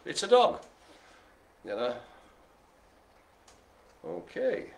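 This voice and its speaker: A man's voice: high-pitched, huge pitch swings, very slow, gravelly. A man hosting a live bingo game, cracking puns, laughing often and rambling in chatty asides. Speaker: bingo host. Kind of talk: live-streamed bingo calling.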